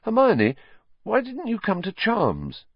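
A man's voice: high-pitched, huge pitch swings, takes it slowly, breathy edge, dry recording, lo-fi sound, pitched above the performer's own voice, exaggerated voice. A man reading a level-headed schoolboy. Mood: questioning. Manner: plain, reasoning, muttering.

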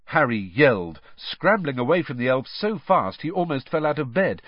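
Man, storybook narrator, animated delivery, dull dry recording. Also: mid-range voice, moderate pace, few pauses, no room sound. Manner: expressive storytelling. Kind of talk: audiobook reading with character voices.

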